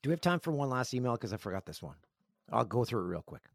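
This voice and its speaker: A man's voice: medium pitch, big pitch swings, fast, gravelly, dry recording, studio quality. A man hosting a podcast, a joking, rambling storyteller in casual chat. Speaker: podcast host.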